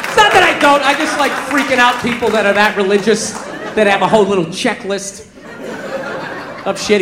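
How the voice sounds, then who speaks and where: A man, from the American South, doing animated stand-up comedy with shouted punchlines on a club stage. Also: high-pitched, fairly quick. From Southern United States. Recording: echoey room, crowd laughter, noise. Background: audience laughter.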